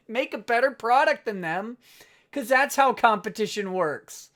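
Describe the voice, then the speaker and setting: A man's voice: very high-pitched, animated, unhurried, sharp tone. A man hosting a casual livestream, sarcastic and self-mocking, often breaking into laughter. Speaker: livestream host.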